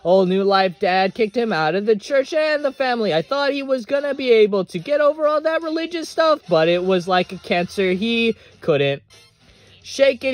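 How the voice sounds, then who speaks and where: Man with a high-pitched voice reading every role in a fan dub, dramatic and emotional. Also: no echo. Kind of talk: fan dub of a film script.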